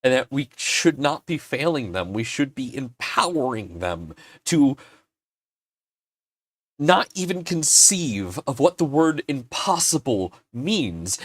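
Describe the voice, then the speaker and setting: A man's voice: mid-range voice, slow. A man hosting a casual livestream, his voice swinging widely up and down as he tells a heartfelt story. He takes his time, lets emotion show, and throws in the odd curse word. The sound is dry and close, with no room echo. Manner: emotional, animated storyteller who swears and gets choked up. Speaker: livestream host.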